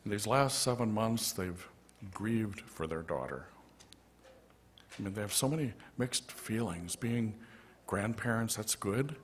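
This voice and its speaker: Brief: male pastor, slightly low voice, gentle storyteller in a church sanctuary. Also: expressive, unhurried, slight background noise. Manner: gentle storytelling with soft asides. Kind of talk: storytelling sermon.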